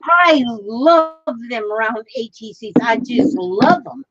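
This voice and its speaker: A woman co-hosting a casual craft livestream, enthusiastic and quick to laugh. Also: a little high, animated, fairly bright tone, dull audio. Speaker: livestream co-host.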